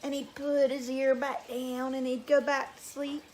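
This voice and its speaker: A teacher reading a folk tale aloud to young children, animated and drawn out. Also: female voice, high voice, unhurried, a little hiss or hum.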